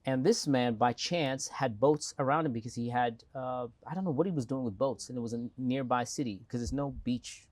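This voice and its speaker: A man with a South African accent, talking as a guest in an interview and telling stories with animated energy. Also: medium pitch, normal speed, few pauses, dry recording. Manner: animated storytelling with lively acted quotes. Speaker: mayoral candidate guest. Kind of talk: casual interview talk.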